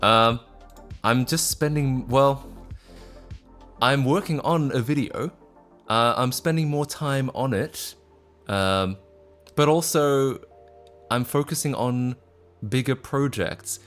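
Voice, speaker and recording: A man's voice: medium pitch, slow pace, pauses often, fairly bright tone, faint music behind. A man in his twenties from Australia, with a mixed Australian, British and North American accent. He chats casually on a livestream, rambling with lots of fillers and restarts. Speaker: streamer.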